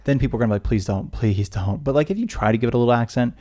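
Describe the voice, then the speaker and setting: A man's voice: medium pitch, animated, rapid-fire, warm tone. An American man co-hosting a podcast in casual chat, rambling with many restarts. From United States. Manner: rambling, lots of restarts and fillers. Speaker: podcast co-host.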